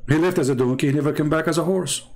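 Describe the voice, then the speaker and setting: A man's voice: fairly high pitch, racing, darkish tone. A man and religious debater telling anecdotes in a mocking, storytelling way. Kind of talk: storytelling talk.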